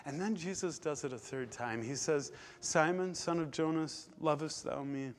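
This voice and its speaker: A man preaching a sermon, emphatic, swinging between loud stressed words and quiet, low drops. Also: normal speed.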